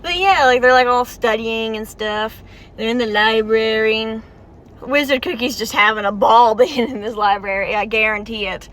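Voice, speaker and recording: A woman with a high, bright voice talks through a game's story in a casual reaction vlog. She is chatty and emotional, with lots of "like" fillers. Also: normal speed. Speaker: game story reaction vlogger.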